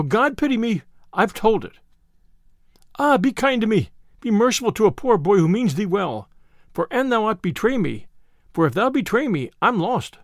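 A man's voice: high voice, no room sound, clean studio sound, exaggerated voice. A man voicing a fearful young page boy who talks in old-fashioned, pleading speech.

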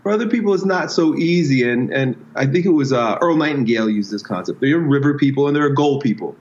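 A strength coach, appearing as a guest in a casual conversational interview, speaks reflectively and explains his ideas through metaphors and personal stories. His mid-range voice is fast with lively intonation, and the recording sounds roomy and slightly dull.

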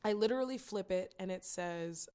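Animated woman telling a story. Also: mid-range voice, normal speed, smooth. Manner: animated storyteller, acts out quotes. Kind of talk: casual chat.

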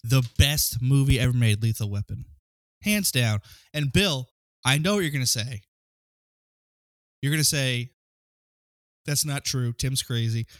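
A man co-hosting a casual movie podcast, ranting excitedly and swearing. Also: mid-range voice, a little slow, no room sound. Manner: excitable, profane rant. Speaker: podcast co-host.

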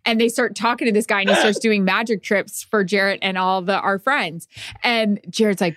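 Young adult woman, podcast co-host; easygoing storyteller, mid-pitched, close and dry. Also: brisk, dry recording. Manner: relaxed anecdotal, fillers and laughs. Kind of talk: casual chat.

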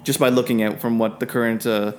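A man narrating as dungeon master, halting with fillers and restarts. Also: medium pitch, level tone, a little mellow, slight background noise. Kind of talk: narrating a tabletop game.

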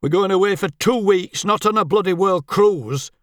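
A man's voice: high-pitched, moderate pace, fairly bright tone, no echo, studio quality, pitched above the performer's own voice. A man voicing a grumbling, stingy, middle-aged husband who swears and complains sarcastically.

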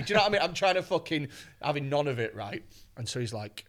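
Lively comic, bright voice and swinging pitch, sweary storyteller, acts out the parts. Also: male voice, quick pace. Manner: animated, expletive-laden, acts out voices. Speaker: comedian guest. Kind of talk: anecdotal storytelling on a podcast.

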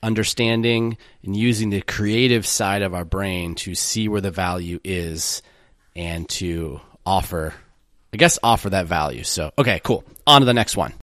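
Male podcast host, casual solo commentary, slightly low voice, dry close sound. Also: moderate pace, a bit bright, no room sound. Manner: loose and reflective, self-correcting.

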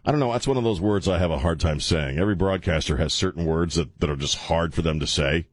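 Man, talk radio host, very low voice, dry close sound, jokey and rambling. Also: fast talker, dry recording. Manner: jokey, rambling, laughs often, stumbling fillers. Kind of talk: casual talk radio monologue.

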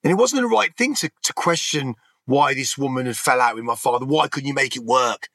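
A man's voice: medium pitch, animated, brisk, vocal fry, a bit bright, no echo. A middle-aged man from England telling his life story in a candid, rambling interview, swearing freely and restarting his sentences. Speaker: interview guest.

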